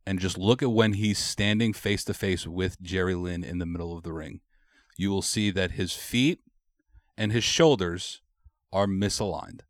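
A man's voice: deep voice, normal speed, dry recording, clean studio sound. A man co-hosting a podcast in casual chat, joking and swearing heavily. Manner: animated, joking, heavy swearing. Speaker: podcast co-host.

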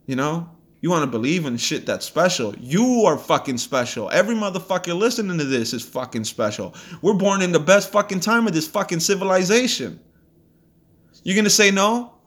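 A man's voice: a little high, lively intonation, fairly quick. A man hosting a podcast, delivering a blunt, profane and heated motivational rant. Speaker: podcast host. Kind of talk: ranting motivational monologue.

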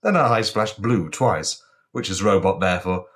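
Tipsy young man, low voice, deadpan comic storyteller. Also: normal speed. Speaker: podcast co-host reading his story. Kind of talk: comic reading of an absurd story.

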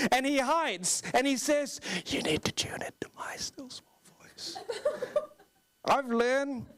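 A young man preaching a sermon as pastor, candid and self-deprecating, with animated storytelling. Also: high voice. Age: young adult.

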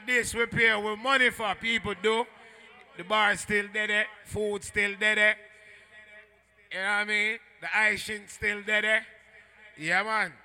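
Man, Jamaican accent, sound system MC, loud crowd calls, high voice, sharp bright tone. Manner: rowdy, shouts crowd call-and-response. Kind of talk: live dancehall MC hype talk. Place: indoor dance venue at night.

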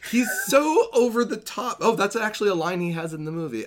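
A man hosting a casual podcast chat, sarcastic and swearing freely in quick bursts. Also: sits high, animated. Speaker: podcast host.

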